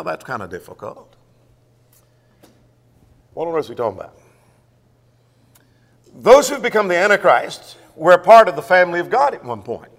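A man's voice: a little high, a bit bright, big-room sound. A man preaching a sermon in a church, asking himself questions and answering them.

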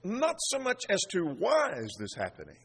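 A man's voice: sits high, huge pitch swings, moderate pace, gravelly, a bit bright, slightly rough. A man preaching an expository sermon, earnestly piling up rhetorical questions. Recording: long reverb of a large hall.

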